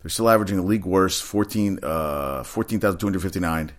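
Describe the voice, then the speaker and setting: A man who works as a personal trainer, talking casually about sports in a rambling, excitable way with frequent swearing. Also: sits low, quick pace. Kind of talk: casual sports chat monologue.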